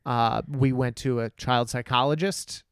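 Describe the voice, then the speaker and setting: A middle-aged stand-up comedian from Texas tells stories in casual conversation, blunt and profane, acting out the voices of those he quotes. His mid-range voice is clear and resonant at a measured pace, captured in a dry, clean studio recording.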